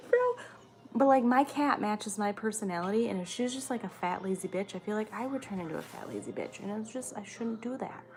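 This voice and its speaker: A woman's voice: medium pitch, animated, normal speed, slight background noise. A woman hosting a livestream who reads viewer comments aloud and answers them in blunt, chatty talk, swearing freely. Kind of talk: casual chat.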